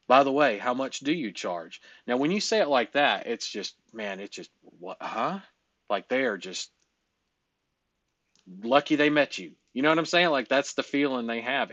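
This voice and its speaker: A man's voice: mid-range voice, a bit bright, dry recording, lo-fi sound. A man coaching on a casual group call, emphatic and loose-talking, swearing and laughing often.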